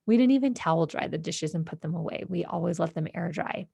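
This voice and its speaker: A woman hosting a podcast, telling a personal story in a reflective, halting way with many fillers and restarts. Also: lowish voice, lively intonation, creaky, dark tone, slightly rough, no echo. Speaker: podcast host.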